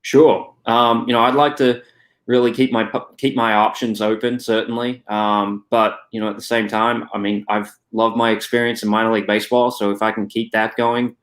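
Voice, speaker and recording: A man's voice: lowish voice, flat delivery, normal speed. A young Australian man answering interview questions in a casual, hesitant way, full of fillers and restarts. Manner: hesitant, many "you know" fillers and restarts. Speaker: guest.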